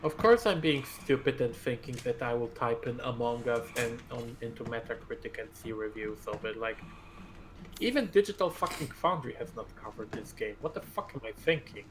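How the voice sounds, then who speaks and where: A man's voice: medium pitch, moderate pace, slight background noise. A man co-hosting a casual gaming stream, ranting with heavy profanity and strong opinions.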